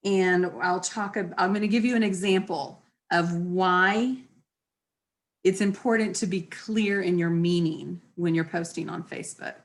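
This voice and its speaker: A woman's voice: lowish voice, steady tone, measured pace. A woman leading a class, teaching in a casual, chatty way and acting out sample phrases in different tones of voice. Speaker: class leader. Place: class session with participants.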